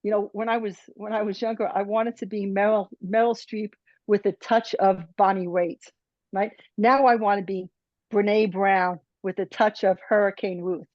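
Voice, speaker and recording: A woman presenter giving personal closing remarks at a conference, halting and restarting often and checking in with "right?". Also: medium pitch, steady tone, dry recording. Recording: dull dry lo-fi sound.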